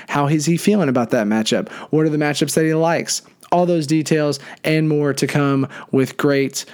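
A man's voice: mid-range voice, a little mellow, clean tone. A young man hosting a casual fantasy league podcast, talking in hyped, rambling bursts. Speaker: podcast host.

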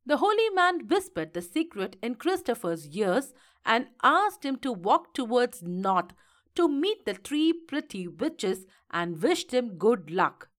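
A woman reading a fairy tale aloud in a slow, expressive storytelling manner. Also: on the high side.

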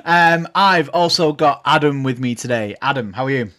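A man hosting a casual podcast, talking in a lively way with laughter and restarts. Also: mid-range voice, normal speed. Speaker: podcast host.

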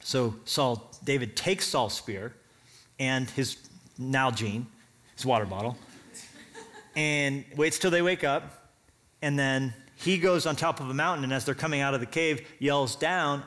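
A man's voice: medium pitch, a little slow. A man preaching a sermon, telling a story with casual asides and acting out what each character says. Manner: animated storytelling, acts out characters' lines. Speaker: pastor.

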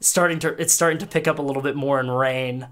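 A game master narrating a tabletop game, who talks haltingly with lots of "like" and restarts. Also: mid-range voice, steady tone, a bit bright.

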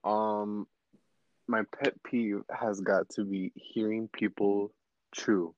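A young man with a somewhat low voice rambles as a podcast guest, full of "like"s and restarts. The recording is dry with no room sound. It is also a little dull and lo-fi. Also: level tone, takes it slowly, dry recording. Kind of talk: casual chat.

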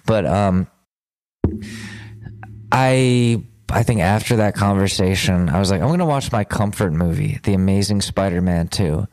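A man's voice: sits low, measured pace, darkish tone. A young man co-hosting a podcast, telling a long story in casual chat, swearing and laughing as he goes. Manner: rambling, swearing storyteller who laughs through his own stories. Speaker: podcast co-host.

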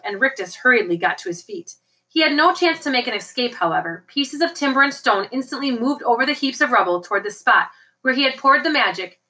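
A woman reading a novel aloud as an audiobook, in a steady storytelling manner. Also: a little high, low-quality recording. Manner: steady storytelling with occasional slips and restarts. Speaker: audiobook reader.

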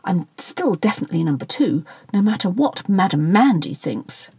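A woman's voice: fairly low pitch, big pitch swings, normal speed, a little mellow, husky, no room sound, exaggerated voice. A woman reading the part of a worried, self-important middle-aged male politician, moaning and gossipy.

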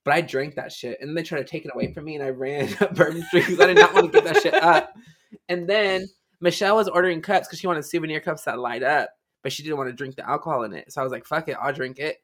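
A man's voice: a little high, expressive, a bit bright. A young man in casual chat with friends, telling blunt, profane stories. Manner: rapid, profane, blunt storytelling.

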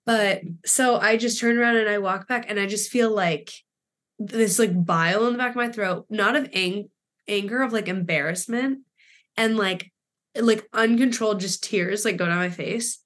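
A woman's voice: medium pitch, moderate pace, a bit bright. Woman, 20s, podcast co-host; rambling, filler-heavy storyteller, emotional edge. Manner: rambling, filler-heavy retelling with quoted dialogue. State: emotional, near tears. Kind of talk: casual chat, storytelling.

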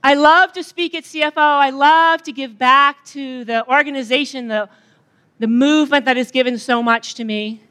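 A middle-aged woman talks to a gathered audience in a loose, joking way, trading banter with them as she goes. Her voice sits high and sounds bright and forward. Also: moderate pace. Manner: chatty and joking, bantering with the crowd. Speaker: retreat speaker. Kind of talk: conversational opening talk to an audience.

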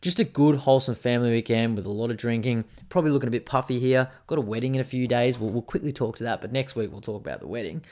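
A man's voice: mid-range voice, fast, few pauses, a little mellow. An Australian man in his thirties hosting a casual podcast, rambling and swearing freely after a few drinks. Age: 30s. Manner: rambling, swearing, tipsy banter. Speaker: podcast host. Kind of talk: casual chat.

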